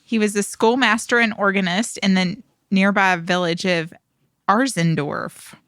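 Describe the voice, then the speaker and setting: A woman co-host reading background notes aloud in a studio, steady but tripping over foreign names. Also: mid-range voice, a little slow, no room sound.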